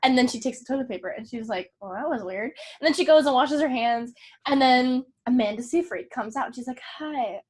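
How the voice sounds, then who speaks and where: A woman's voice: high-pitched, brisk, slightly rough. A woman co-hosting a casual podcast, retelling a movie plot with profanity and acted-out lines. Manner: animated, profane, acts out movie scenes. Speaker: podcast co-host.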